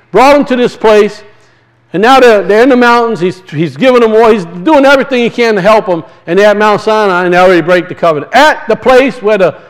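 A man preaching a sermon, talking conversationally and with passion, drawing words out for emphasis and reading scripture slowly. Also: very high-pitched, low-quality recording. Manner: reads scripture aloud slowly and deliberately.

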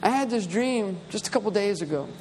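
A man's voice: sits high, expressive, a little fast, darkish tone. Male preacher, conversational storyteller rising to emphatic peaks; reverberant hall, faint room noise. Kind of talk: sermon.

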